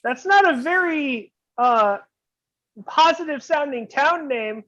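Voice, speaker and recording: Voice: high-pitched, expressive, slow pace, fairly bright tone. Joking player teasing everyone, muffled lo-fi audio. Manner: teasing, wisecracking. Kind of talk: casual tabletop banter. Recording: dull lo-fi sound.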